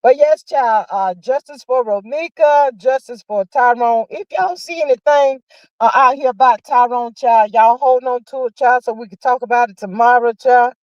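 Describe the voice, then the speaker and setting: A woman's voice: on the high side, normal speed, no echo. Livestream gossip host, woman: sassy, exclamatory, chatty with viewers; dry, dull-sounding stream audio. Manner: sassy, exclamatory, peppers talk with "child" and "honey"; reads viewer comments aloud. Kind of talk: casual livestream chat. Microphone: streaming setup mic.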